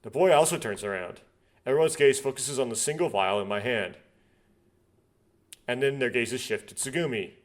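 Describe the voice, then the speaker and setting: A young man working through a visual novel, reading its lines aloud in a steady middle voice. He keeps stopping for rambling, nitpicking asides that carry a dry sarcastic edge. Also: medium pitch, normal speed, pauses often. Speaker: let's play host. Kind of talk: reading a game's text aloud with commentary.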